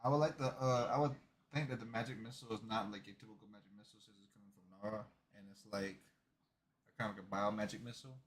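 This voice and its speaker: Male player, fast talker, rambles and hunts for words, casual. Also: lowish voice, fairly even intonation. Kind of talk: casual tabletop chat.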